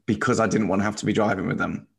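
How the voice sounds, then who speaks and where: Comedian bloke, dry jokey storytelling, easygoing chat. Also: male voice, on the low side, steady tone, rapid-fire, gravelly. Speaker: comedian and podcast co-host. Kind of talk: casual chat.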